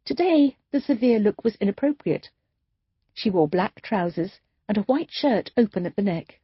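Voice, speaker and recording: A woman's voice: medium pitch, animated, normal speed, breathy edge, no room sound, dull audio. A woman narrating an audiobook, reading the dialogue with light shifts for each character. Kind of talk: scripted narration.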